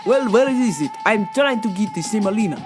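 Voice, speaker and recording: A woman's voice: medium pitch, expressive, brisk, over music, close to an everyday voice. A woman voicing a rude, demanding man customer who speaks brusque broken English.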